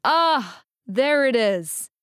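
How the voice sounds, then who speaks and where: A woman's voice: on the low side, moderate pace, a little mellow, no room sound, studio quality, natural voice. A woman voicing an odd, playful man who flirts in eager, teasing banter, read in an audiobook. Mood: delighted.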